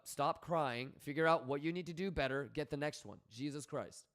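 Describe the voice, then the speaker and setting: A man's voice: fairly high pitch, moderate pace, hardly any pauses, a bit bright. Blunt, swearing male streamer. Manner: blunt, profane, coaching tone, reads chat aloud. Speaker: livestream host. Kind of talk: casual livestream chat.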